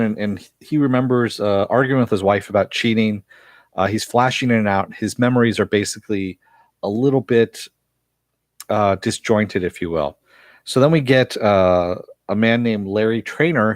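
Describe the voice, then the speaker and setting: Male reviewer, lower register, dry close sound, casual rambling recap. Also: no echo. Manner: chatty, loose retelling with frequent uh fillers and mild profanity. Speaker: TV series reviewer.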